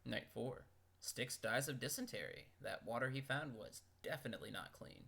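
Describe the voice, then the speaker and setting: A man's voice: mid-range voice, lively intonation, moderate pace, creaky, pushed and bright. A man reading out game events and making wry, joking comments between them, as a video host. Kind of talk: casual commentary.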